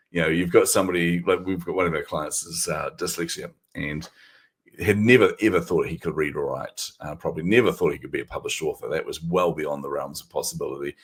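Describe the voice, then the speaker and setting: Deep, husky-voiced male storyteller. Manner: animated storyteller, laughs often, self-deprecating. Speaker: podcast guest. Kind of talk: storytelling in an interview.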